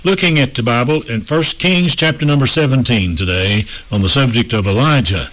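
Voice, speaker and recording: A man teaching from the Bible on a radio broadcast, slow and emphatic with folksy asides. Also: medium pitch, fairly bright tone, low-quality recording. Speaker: radio preacher.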